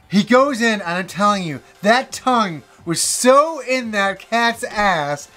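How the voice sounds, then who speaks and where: Vlogger, man, 40s, higher voice, animated storyteller who swears and laughs as he goes. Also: slow pace, few pauses, faint music behind. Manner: animated, swears freely, laughs while telling. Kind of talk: casual storytelling to camera.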